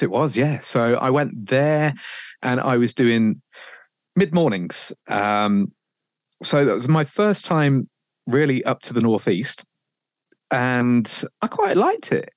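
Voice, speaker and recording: Lively, animated male radio presenter. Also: mid-range voice, no room sound, studio quality. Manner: animated, swears freely, laughs often. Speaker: podcast guest, radio presenter. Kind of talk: casual chat, storytelling.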